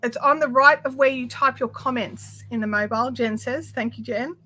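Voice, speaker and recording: A woman's voice: on the high side, fairly even intonation, moderate pace, sharp tone. A woman with an Australian accent hosting a craft livestream from home, chatting effusively with viewers and reading out their comments, full of fillers and restarts.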